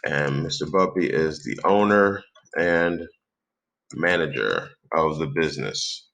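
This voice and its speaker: A man hosting a software tutorial, calmly talking through each step aloud as he types into a document. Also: rumbling low, slow, gravelly. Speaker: tutorial host. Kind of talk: screen-recorded software tutorial.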